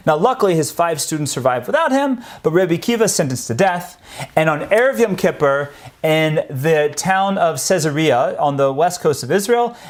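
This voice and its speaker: A man giving a storytelling lecture on Jewish history, acting out the quotes in his stories. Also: on the high side.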